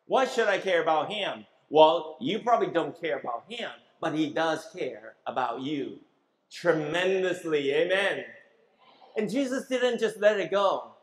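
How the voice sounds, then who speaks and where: High-voiced man preaching a sermon. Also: lively intonation, measured pace, roomy sound, rough recording. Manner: emphatic, asks the congregation questions and has them repeat words. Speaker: pastor.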